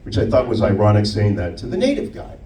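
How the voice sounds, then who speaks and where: Animated male stand-up comic, roomy club. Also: on the low side, fast, noisy background. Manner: animated storytelling with put-on voices. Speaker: stand-up comedian. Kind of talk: stand-up comedy set. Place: comedy club stage. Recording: roomy club sound from a distance.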